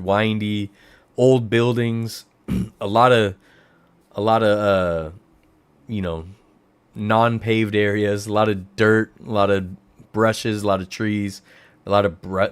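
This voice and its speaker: A man from the Bay Area of California hosting a livestream, chatting casually and rambling, his voice jumping up high when he gets excited. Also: clear, resonant tone, dry recording. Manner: rambling storyteller who jumps to high excited exclamations. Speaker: livestream host.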